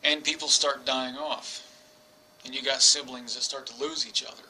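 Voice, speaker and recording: A man in his forties telling a personal story to camera, rambling and halting with many restarts. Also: medium pitch, level tone, pushed and bright, a little hiss or hum, poor audio. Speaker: vlogger. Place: England.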